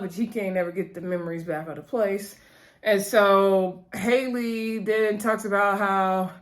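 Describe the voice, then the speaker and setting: Woman reviewer, casual episode recap, chatty and quick to laugh. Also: mid-range voice. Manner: chatty, retells scenes quoting characters, laughs often.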